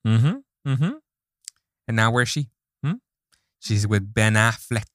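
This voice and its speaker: A man's voice: on the low side, slow, no room sound, clean studio sound. A man improvising a sassy, drawling friend who gossips while waiting on the block. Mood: indignant. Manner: drawling, calls people girl.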